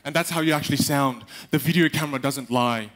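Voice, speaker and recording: Animated man speaking on a stage. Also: medium pitch, quick pace. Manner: animated, acts out quotes, addresses the audience directly. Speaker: speaker giving a stage talk. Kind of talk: live stage talk. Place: stage in a large hall with a live audience.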